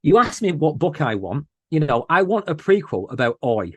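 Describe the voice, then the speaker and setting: A man's voice: on the high side, sing-song, a bit bright, slightly rough, no echo. Earnest man with a dry close voice. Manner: emotional, earnest, halting restarts. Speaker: podcast host, interview guest. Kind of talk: casual interview chat.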